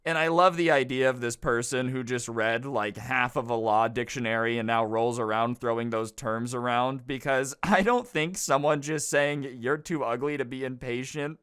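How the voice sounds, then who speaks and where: Male storytime narrator, sarcastic rambling commentary, smooth clear voice, mid pitch. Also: normal speed, hardly any pauses, fairly bright tone. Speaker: YouTube storyteller.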